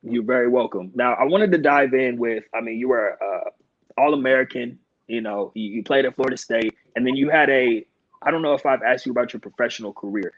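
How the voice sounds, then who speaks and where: A man's voice: medium pitch, fairly quick, dry recording, highs cut off. A male podcast host interviewing a guest over a video call, affirming and thoughtful. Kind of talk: casual interview.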